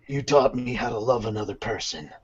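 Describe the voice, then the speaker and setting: A gruff young dragon slayer, soft and grave as he faces death, as a man voices him in a fan manga read-along. His voice is husky and lively in pitch. The audio is dull and lo-fi. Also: brisk. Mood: tender.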